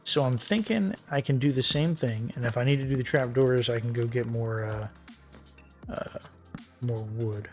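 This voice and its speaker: A man streaming a building game, thinking aloud in a relaxed, muttering way as he works. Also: mid-range voice, normal speed, soft background music. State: hiccuping. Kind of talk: casual game commentary while building.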